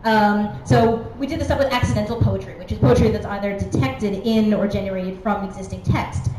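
A woman's voice: medium pitch, fairly even intonation, brisk, dark tone. A woman giving a conference talk, chatty and self-deprecating, with many fillers. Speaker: conference speaker. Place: conference hall. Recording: echoey hall with background noise.

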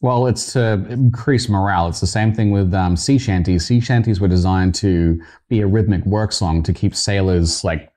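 A man with a low, mellow voice chats casually and holds forth with his opinions. He cracks jokes as he talks, hanging out in a tattoo parlor. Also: moderate pace, hardly any pauses. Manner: opinionated, jokey. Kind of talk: casual chat.

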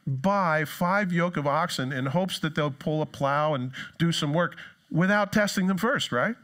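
Man, pastor, sermon, chatty and humorous, somewhat high-pitched, mimics excuses. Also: measured pace, a bit bright. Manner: conversational and joking, acts out quoted excuses in higher voices. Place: church.

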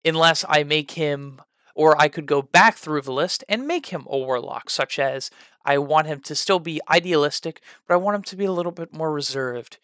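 A man's voice: a little high, normal speed, clean tone, dry recording. Rambling man with a dry, close sound. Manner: rambling with frequent "uh" fillers; lively, trying out voices as he explains. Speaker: tabletop role-play tutorial host. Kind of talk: casual advice video.

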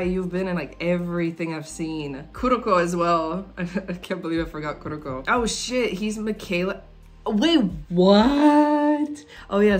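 Chatty young woman reacting to anime. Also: lowish voice. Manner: chatty, excitable, laughs often. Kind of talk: casual reaction commentary. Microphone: phone.

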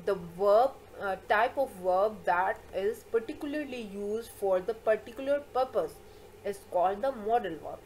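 A woman teacher gives a recorded English grammar lesson. She explains points slowly, repeats herself and often pauses on "uh". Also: mid-range voice, lively intonation, a little mellow, slight background noise, poor audio. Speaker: school teacher.

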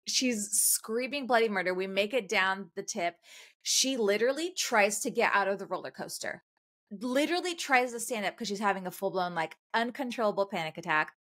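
A woman in her thirties co-hosting a podcast, telling a story in animated casual chat and laughing often. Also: medium pitch. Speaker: podcast co-host.

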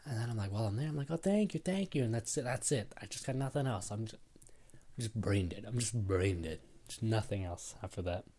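Young male podcaster, lowish voice, rambling and self-deprecating, casual solo storytelling. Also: a little fast, mellow, slightly rough. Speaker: podcast host.

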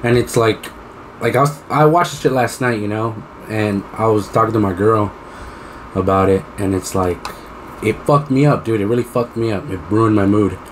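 Lowish-voiced guy cohosting a podcast, swears a lot, gets animated telling stories, bit of faint noise behind. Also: moderate pace. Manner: profane, animated storytelling. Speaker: podcast co-host. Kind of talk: casual podcast chat.

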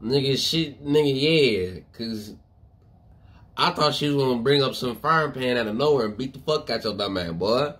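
A man hosting a reaction video, commenting on a clip in a loud, profane, laughing way. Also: mid-range voice, normal speed.

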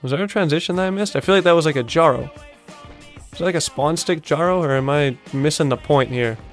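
A young man hosting a video-game montage reaction, talking casually, swearing often and bursting out in excited disbelief. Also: fairly high pitch, quick pace, soft background music. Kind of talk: casual gaming reaction commentary.

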